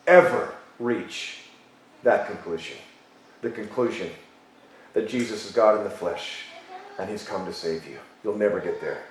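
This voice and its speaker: A man preaching a sermon as pastor, emphatic, repeating key phrases and slowing down for stress. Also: medium pitch. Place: church sanctuary. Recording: very echoey church hall.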